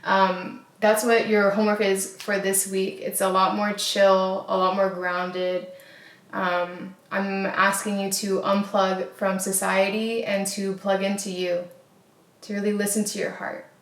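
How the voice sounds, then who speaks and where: This wellness host, a woman, delivers a casual motivational talk in an earnest way, full of fillers and phrases she keeps repeating. Her mid-range voice stays level and measured in pace, recorded in an echoey room.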